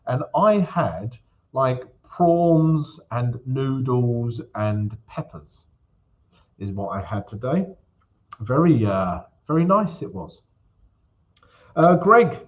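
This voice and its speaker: A man's voice: mid-range voice, animated, slow pace. Chatty man hosting a trading stream, lo-fi. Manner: chatty, keeps calling the audience "guys", many fillers. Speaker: forex trading live-stream host. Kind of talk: casual live-stream chat and chart walkthrough.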